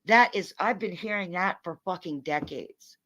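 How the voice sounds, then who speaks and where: A woman streamer in an angry, profane rant at her viewers, talking in fast bursts. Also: fairly low pitch, a bit bright. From North America. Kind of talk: angry rant to a live audience.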